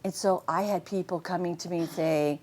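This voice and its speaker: A middle-aged woman, a voice actress, telling casual anecdotes in an animated way and laughing often. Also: on the low side, fairly quick. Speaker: voice actress and interview guest.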